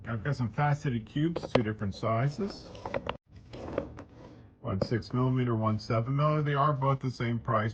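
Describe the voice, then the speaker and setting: Folksy lower-voiced man selling beads. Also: dull audio, background noise. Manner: folksy, rambling, jokey sales patter. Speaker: bead shop owner presenting weekly specials. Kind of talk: casual product showcase. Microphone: handheld camera he is holding himself. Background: loud background music.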